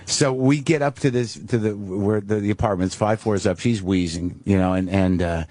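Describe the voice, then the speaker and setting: A man's voice: fairly low pitch, normal speed, mellow, dry recording. A middle-aged man who is a guest comedian, telling a rambling, self-deprecating story in a radio studio, full of restarts. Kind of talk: casual storytelling. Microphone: studio microphone.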